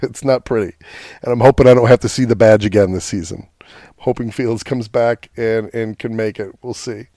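A man's voice: on the low side, fairly even intonation, moderate pace, warm tone, no echo. A man hosting a podcast, ranting in a casual, profane and sarcastic way about his football team. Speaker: podcast host. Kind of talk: casual sports rant.

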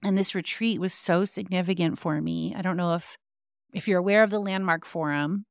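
A woman's voice: fairly low pitch, normal speed, dry recording, studio quality. A young woman hosting a podcast, telling a personal story in a casual, chatty way, with many fillers and restarts. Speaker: podcast host.

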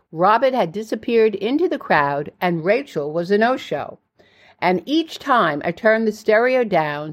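An older woman narrating her own memoir in a plain, steady storytelling way. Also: on the low side.

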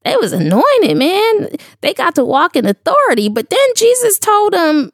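A woman's voice: very high-pitched, huge pitch swings, normal speed, hardly any pauses, dry recording. A woman speaking in a studio, giving a candid, emotional devotional talk to her audience in a casual, slangy way.

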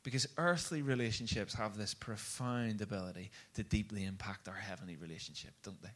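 A man preaching a sermon, telling a story in an animated, conversational way. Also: lowish voice, a little fast.

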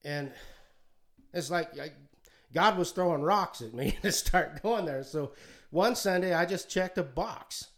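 A man giving a halting, heartfelt personal testimony, often choked up and restarting his sentences. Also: a little high, animated. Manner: halting, many restarts, gets choked up, folksy. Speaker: podcast co-host sharing testimony. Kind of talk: emotional personal testimony, sermon-like. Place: alone at home.

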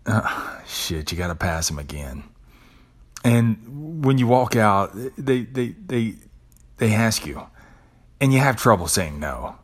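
A man with a fairly low voice talks to his listeners like a friend. He tells an everyday story in a loose, profane way and often stumbles over repeated words. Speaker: podcast host. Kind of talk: casual monologue.

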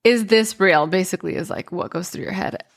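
A woman's voice: on the low side, creaky. A woman hosting her own podcast, telling a personal story casually with lots of "like" and "um". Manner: chatty, full of "like" and "um" fillers, quick bursts and slow pauses. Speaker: podcast host.

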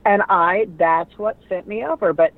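A middle-aged woman, a radio personality and author, telling lively stories in an interview and acting out the voices of people she quotes. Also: medium pitch, normal speed. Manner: animated storyteller who acts out quoted voices. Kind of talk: conversational storytelling interview. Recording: tinny phone-like line, dry.

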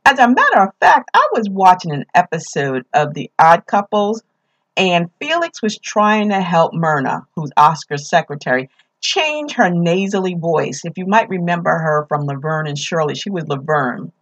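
A podcast host with a New York accent shares casual tips, upbeat and emphatic, repeating her key phrases. Her voice sits on the low side, with a sing-song lilt at a moderate pace.

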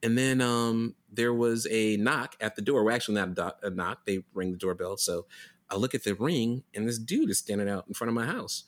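A man telling a story in casual chat, animated and profane, with plenty of fillers and restarts. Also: on the low side, a little fast.

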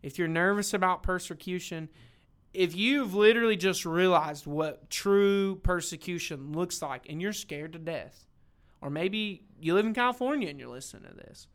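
A young man, co-hosting a church podcast in a casual, animated Bible discussion, acting out quotes as he goes. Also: high-pitched, moderate pace. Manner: animated, acts out quotes, says "dude".

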